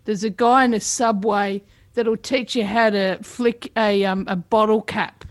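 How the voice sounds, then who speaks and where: A woman's voice: mid-range voice, fairly even intonation, measured pace. A woman answering quiz questions in casual comedic banter, hesitating with many ums. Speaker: comedy podcast guest and quiz contestant.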